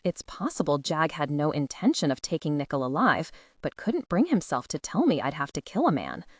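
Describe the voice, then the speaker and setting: A woman reading an audiobook, voicing a steady young man who talks calmly and reassuringly. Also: fairly high pitch, fairly quick, no room sound, clean studio sound.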